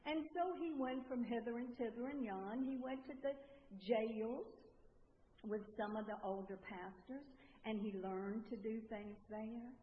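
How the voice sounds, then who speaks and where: Lady playing a slow, homespun churchy mom of ten telling stories, echoey hall, faint background hiss. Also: fairly high pitch, natural voice. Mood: earnest. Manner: homespun, gently storytelling. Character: devout mother of ten, telling family stories. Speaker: church storyteller in costume. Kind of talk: first-person dramatic monologue. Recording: echoey hall on a thin, phone-like line.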